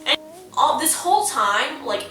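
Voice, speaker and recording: Chatty young woman, bright echoey voice. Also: high voice, sing-song, measured pace. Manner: chatty, heavy use of "like", acts out quoted lines. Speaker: vlogger. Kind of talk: casual storytime vlog. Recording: very echoey room, distant mic, faint music.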